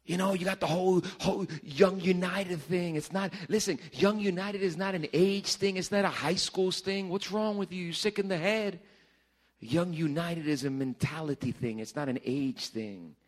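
A man preaching a sermon to a congregation in a church, animated and joking with the crowd as their pastor. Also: high voice, moderate pace. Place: church service before a congregation.

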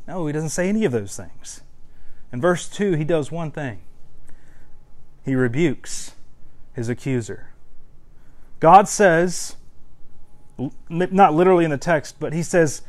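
A man's voice: a little high, moderate pace, pauses often. A man preaching a sermon as a pastor, conversational and emphatic, repeating words for stress.

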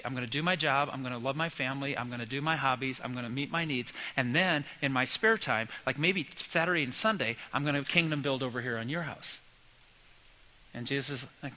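A middle-aged pastor giving a sermon, telling family stories in a relaxed conversational way and acting out lively quoted voices. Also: male voice, medium pitch, low-quality recording.

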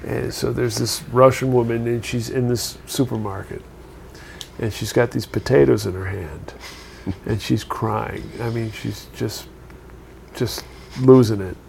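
Gravelly co-host man, halting. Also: mid-range voice, steady tone, darkish tone, slight background noise. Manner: hesitant, repeats words. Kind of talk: casual chat, joke telling.

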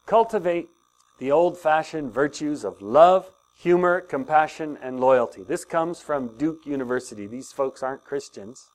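An older man preaching a sermon to his congregation, animated and often laughing as he talks. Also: mid-range voice. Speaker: pastor.

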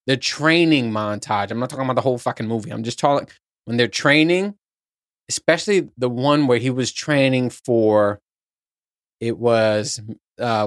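Middle-aged male podcast host, rambling and profane, mid-pitched voice, dry room. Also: a bit bright, dry recording. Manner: rambling, profane, self-mocking. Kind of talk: casual solo podcast chat. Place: at his workplace on lunch break.

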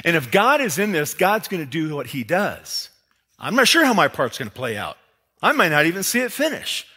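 A man preaching a sermon as pastor, lively and emphatic, full of rhetorical questions and quoted lines. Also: a little high, normal speed, slightly rough. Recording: long hall reverb.

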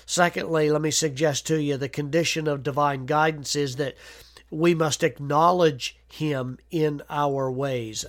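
A man's voice: a little high, steady tone, measured pace. A man preaching a devotional sermon, earnest, with frequent "uh" fillers and repeated words. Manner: earnest, reads scripture aloud with emphasis.

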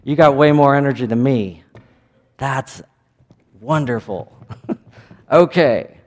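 A man's voice: mid-range voice, expressive, unhurried, long pauses. A man with a Midwestern American accent, a pastor giving a playful children's sermon and asking the children questions. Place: church sanctuary. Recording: echoey church hall.

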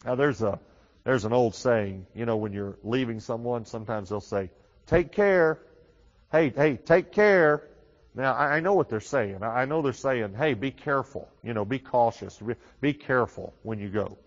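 A man preaching a sermon in a conversational way, often repeating himself. His voice rises loud on key phrases and then drops low and quick. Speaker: pastor. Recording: dull reverberant hall recording.

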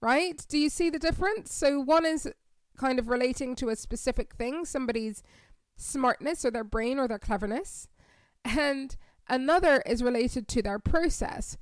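A woman's voice: high voice, normal speed, dry recording, clean studio sound. A woman, hosting a solo podcast in an upbeat, encouraging way and often asking "right?". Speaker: podcast host and careers coach.

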